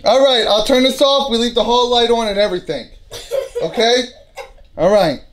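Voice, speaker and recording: A man filming his family at night in a dark house, with a blunt, teasing way of talking. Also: very high voice, moderate pace. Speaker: father filming a family prank. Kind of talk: home video chat. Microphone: handheld camera. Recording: echoey room with background noise.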